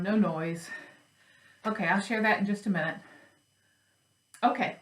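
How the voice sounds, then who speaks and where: A woman's voice: medium pitch, a bit bright, echoey room, a little hiss or hum, poor audio. A woman chatting casually at home about her cross stitch and craft supplies, rambling and joking at herself. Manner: chatty, rambling, self-deprecating. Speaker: flosstube host.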